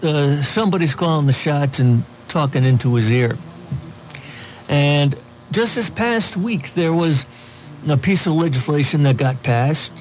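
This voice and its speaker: There's slight background noise behind this fairly high-pitched man with a darkish tone. In casual political talk he reads the news aloud, um-ing often and slipping in sarcasm.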